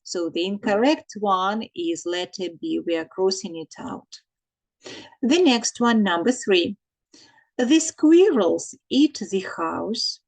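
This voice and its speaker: Slow-paced woman teacher. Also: mid-range voice, animated, low-quality recording. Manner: slow and repetitive, dictating answers, translating into Ukrainian. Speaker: English teacher. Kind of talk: recorded English lesson for children.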